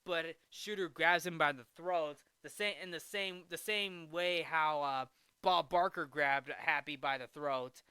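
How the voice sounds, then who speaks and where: A man's voice: a little high, unhurried, sharp tone, smooth, no echo. A man hosting a casual film recap, rambling with frequent restarts and fillers.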